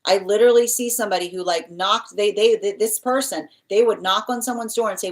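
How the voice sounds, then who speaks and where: A woman's voice: medium pitch, a little fast, few pauses. A woman doing a live tarot reading, rambling and repeating phrases as she relays spirit messages. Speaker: tarot reader.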